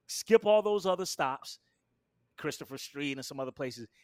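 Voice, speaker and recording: A man recounting a story in a relaxed interview, lively and expressive. He acts out quotes with sudden jumps in pitch and loudness. The sound is dry and close, with no room around it. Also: normal speed, no echo. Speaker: guest.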